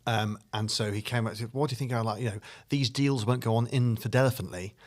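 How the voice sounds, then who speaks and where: A man's voice: medium pitch, steady tone, fast talker. A man, a comedy writer and guest, telling a rambling story in casual podcast chat with lots of fillers. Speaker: comedy duo member, guest.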